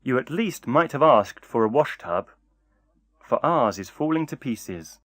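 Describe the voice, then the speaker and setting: A man's voice: expressive, a little slow, a bit bright, no echo, clean studio sound. A man doing a scolding, greedy old wife. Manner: scolding and shrill.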